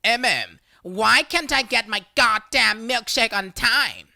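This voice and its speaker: Pushy older small-town woman, demanding, read by a synthetic narrator, bright clipped tone. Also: medium pitch, animated, slow pace, creaky, voice pushed up, exaggerated voice.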